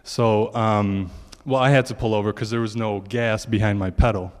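Chatty low-voiced man telling a story. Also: steady tone, moderate pace, darkish tone, smooth, long reverb tail. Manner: chatty storyteller, quotes his own thoughts. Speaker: congregant giving testimony. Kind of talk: casual spoken testimony.

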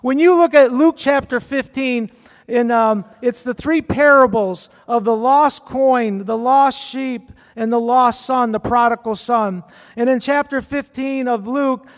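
A man preaching a sermon in a church, emphatic and repeating his key phrases. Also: very high-pitched. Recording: long hall reverb.

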